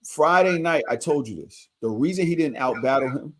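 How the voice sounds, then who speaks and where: A man's voice: medium pitch, expressive, moderate pace, fairly bright tone. A man co-hosting a podcast, making his case insistently and telling it as a story. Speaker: podcast co-host. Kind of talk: casual debate.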